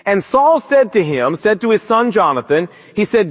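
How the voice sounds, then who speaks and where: A man's voice: high-pitched, very animated, moderate pace, hardly any pauses. A man preaching a sermon, retelling a story with emphatic, preacherly storytelling. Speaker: pastor. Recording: dull lo-fi with long reverb, church sermon recording.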